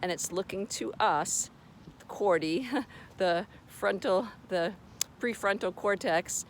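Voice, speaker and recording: A woman's voice: mid-range voice, slow, slight background noise. A woman talking casually to camera, sharing brain retraining advice in an earnest, reassuring way with storytelling asides.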